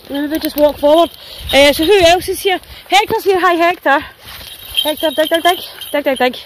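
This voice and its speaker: A woman's voice: sits high, normal speed, a little hiss or hum, rough recording. A Scottish woman walking dogs through a wet forest, chatting casually and playfully to her phone and the dogs, with the odd swear. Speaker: dog walker. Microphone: handheld phone while walking.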